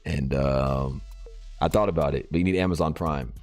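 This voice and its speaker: Deep-voiced man streaming casually. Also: moderate pace, a little mellow, soft background music. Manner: chatty, reacts to viewer comments and posts as he reads them. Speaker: game streamer. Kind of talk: casual live-stream chat.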